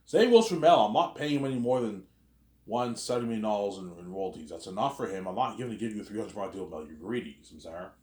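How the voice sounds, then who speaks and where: Over-dramatic man, lively roomy voice. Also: fairly low pitch, fast talker. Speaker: video creator. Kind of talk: acting out an imagined argument, playing every side. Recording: roomy echo.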